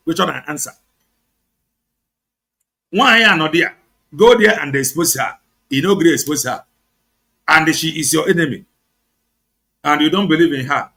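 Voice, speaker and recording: A Nigerian man with an Igbo accent delivers heated political commentary on his online show. He switches between English and Igbo with biting sarcasm. His voice is gravelly, bright and a little high. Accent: Nigerian, Igbo-speaking.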